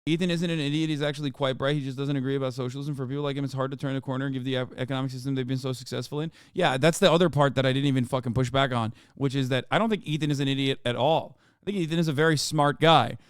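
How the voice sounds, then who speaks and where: A man's voice: medium pitch, steady tone, racing, hardly any pauses, clean tone, no echo, clean studio sound. A man in his thirties streaming a casual reaction, exasperated and ranting, swearing often.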